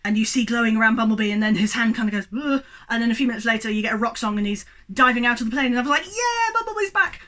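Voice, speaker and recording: High, bright, worked-up woman ranting. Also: level tone, rapid-fire, few pauses. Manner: worked-up, exasperated, swearing freely. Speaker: movie reviewer. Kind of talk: animated ranting movie review. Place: home room with a tripod camera. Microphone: camera on tripod.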